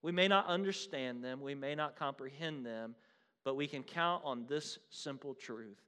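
A man preaching a sermon, swinging between loud declarations and hushed, quiet lines, and calling his listeners "beloved.". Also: mid-range voice, normal speed, clean tone.

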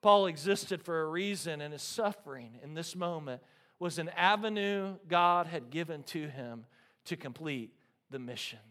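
A man in his thirties, a pastor preaching a sermon, telling stories with lively energy and often checking in with the congregation. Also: a little high, moderate pace. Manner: animated storytelling, frequent "right?" to the congregation.

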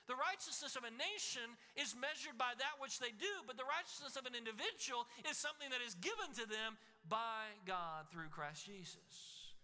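Bright-voiced preacher man in echoing hall. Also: extremely high pitch, lively intonation, normal speed, few pauses. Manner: preaching with emphatic repetition, rising and falling. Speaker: pastor. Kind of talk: sermon. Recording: long hall reverb.

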